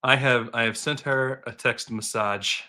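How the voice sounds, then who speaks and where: A man's voice: mid-range voice, steady tone, pushed and bright. A man co-hosting a livestream in playful, casual chat, his voice giving out and interrupted by coughs. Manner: playful, quick to laugh, coughing. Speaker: co-host.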